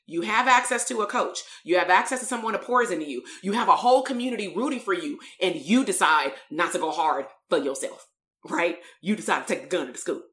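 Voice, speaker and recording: A woman's voice: fairly low pitch, fast talker, fairly bright tone. A woman coaching therapists in a live-streamed talk, telling stories in a blunt, streetwise way full of slang.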